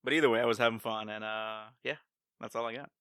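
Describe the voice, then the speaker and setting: A man co-hosting a podcast in casual chat, laid-back and quick to laugh. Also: on the low side, steady tone, fairly bright tone, clean tone, no room sound, clean studio sound. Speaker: podcast co-host.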